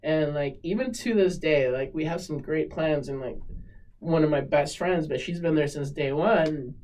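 A woman's voice: low-pitched, normal speed, warm tone, distant mic. A woman in her twenties of Mexican heritage, a podcast guest telling a personal story in a candid, emotional way and often laughing between words. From Mexican heritage, United States. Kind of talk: personal storytelling in a casual interview.

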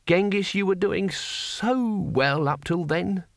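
A man's voice: high-pitched, takes it slowly, creaky, no room sound, voice pushed up, full character voice. A man voicing a fussy, polite middle-aged schoolteacher who speaks patiently to unruly pupils in an audiobook.

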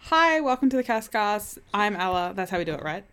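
A woman co-hosting a podcast over a video call, excitable and exclaiming in casual chat. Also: medium pitch, fairly quick, smooth. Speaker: podcast co-host.

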